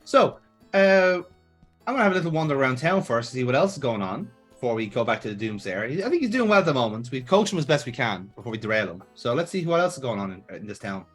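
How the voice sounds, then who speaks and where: A man with a husky voice commentates a game playthrough, cracking jokes with a lively, animated delivery. The game's music plays faintly underneath. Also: medium pitch, fast. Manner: jokey, laughing asides. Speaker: game show host. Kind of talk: let's play commentary.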